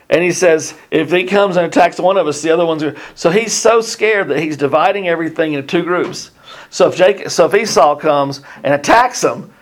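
A middle-aged man teaching a casual sermon, reading scripture and adding joking, chatty asides. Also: a little high. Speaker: Bible teacher.

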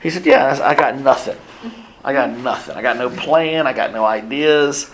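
A male pastor telling a story in a sermon, acting out the people he quotes. His mid-range voice swings between loud bursts and hushed, almost whispered asides. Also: medium pitch, moderate pace, slight background noise. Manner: animated, acts out quoted voices, drops to near whispers.

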